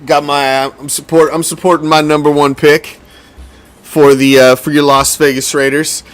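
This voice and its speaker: A man's voice: medium pitch, fairly bright tone. A middle-aged man hosting a fan sports podcast, ranting heatedly and swearing constantly. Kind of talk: profane sports rant.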